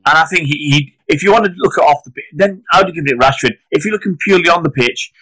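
A man co-hosting a football podcast, arguing his point in an animated, heated way, his pitch climbing as he gets worked up. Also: quick pace, breathy edge, no room sound, rough recording. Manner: animated, argumentative, rising pitch when heated. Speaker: podcast co-host. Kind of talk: casual football podcast chat.

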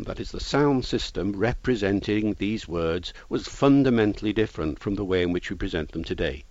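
A man explains things in a measured, lecturing way while being interviewed. His voice sits fairly low. The recording sounds dull and lo-fi, with a dry, close sound. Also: darkish tone, no echo. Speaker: language expert guest.

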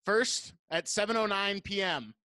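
A man's voice: sits high, measured pace, bright, forceful tone, dry recording. A man hosting a casual podcast chat, laughing often and telling stories with swearing. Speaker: podcast host.

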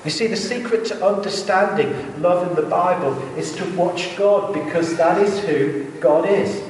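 A man preaching a sermon in a church, earnest and conversational with quick asides. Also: high-pitched, a little mellow, slight background noise. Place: church hall. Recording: echoey hall, heard from a distance.

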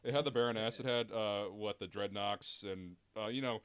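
A man's voice: on the low side, moderate pace, clean tone. A man talking casually as a podcast guest, profane and rambling, laughing through his stories.

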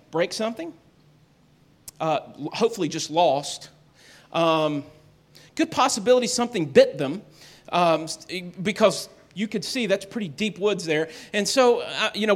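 High-voiced man telling a story. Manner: folksy, self-deprecating, with frequent restarts. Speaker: speaker telling a family story to an audience. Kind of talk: animated storytelling talk.

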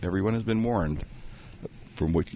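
A man's voice: sits low, moderate pace, warm tone, breathy edge. A man rambling through a comic recipe bit, joking and breaking into laughter. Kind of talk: comedic banter, reading a recipe aloud. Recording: dull lo-fi recording.

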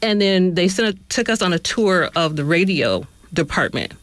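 A woman's voice: fairly low pitch, big pitch swings, normal speed, dry recording. A woman co-hosting a community radio show who tells her story reflectively and often corrects herself midway. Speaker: radio apprentice co-host. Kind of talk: casual radio chat. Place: radio studio.

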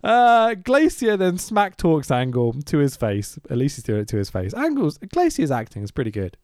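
A man rants through a film recap on a podcast, swearing and laughing as he goes. His voice is a little high and swings wildly up and down. The sound is close and dry. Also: normal speed, dry recording. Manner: animated, sweary, laughing ranter. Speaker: podcast host.

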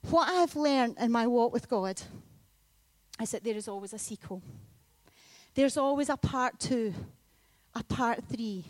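A woman preaching a sermon in a church, telling a story with lively bursts of loud emphasis. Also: on the high side, unhurried, dry recording. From Scotland. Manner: animated storytelling with sudden loud peaks.

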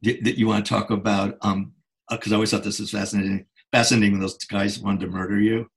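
A man in casual conversation, chiming in with quick remarks and prompting questions. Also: lowish voice, little pitch movement, gravelly.

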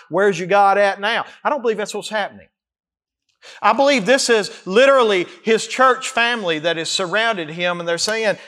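A man preaching a sermon as a pastor, rising to near-shouts and dropping low as he voices the psalmist's cries. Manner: acts out the psalmist's cries in first person.

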